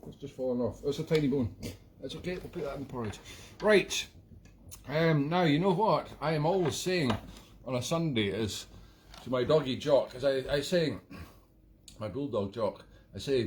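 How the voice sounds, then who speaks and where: A man's voice: medium pitch, animated, moderate pace, a little hiss or hum. A man hosting a live online music show, chatting in a rambling, self-mocking, jokey way between songs.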